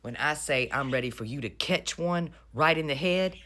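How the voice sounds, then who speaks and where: A woman's voice: extremely low pitch, animated, normal speed, few pauses, sharp tone. A woman giving casual, sarcastic political commentary in a mocking, drawling manner. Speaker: vlogger.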